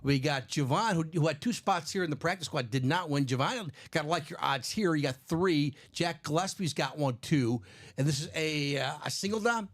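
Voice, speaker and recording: A man with a Chicago accent hosting a live sports card break, chatty and animated, laughing often. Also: on the high side, moderate pace. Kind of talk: casual live-stream chat.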